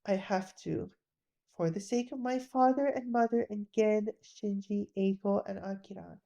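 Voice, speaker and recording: Woman voicing a quiet, earnest teenage boy. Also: mid-range voice, steady tone, measured pace, vocal fry, highs cut off. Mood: sad, soft. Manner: quiet and soft-spoken.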